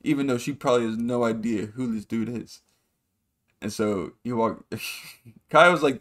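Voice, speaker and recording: A man's voice: mid-range voice, normal speed, long pauses, a bit bright. A man hosting a podcast, telling a long story in a rambling, profane way and acting out other people's lines. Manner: rambling, profane, acts out quotes with shifting voices. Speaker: podcast host. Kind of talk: casual storytelling monologue.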